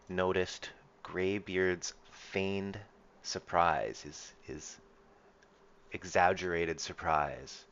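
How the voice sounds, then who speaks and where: A man narrating as game master of a tabletop game, relaxed and halting, with frequent fillers. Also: low voice, muffled recording.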